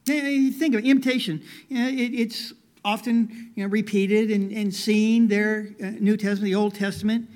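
A pastor telling a story in his sermon, folksy and full of "you know", dropping to a hush and then rising with emphasis. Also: sits high, steady tone, normal speed, few pauses. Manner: folksy, many "you know" fillers, swings from hushed to emphatic.

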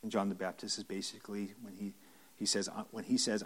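A man's voice: fairly low pitch, level tone, brisk, fairly bright tone, slightly rough. A man preaching a conversational Bible-study sermon to a room of listeners, earnest and emphatic, often restarting and repeating phrases. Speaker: pastor teaching a Bible study.

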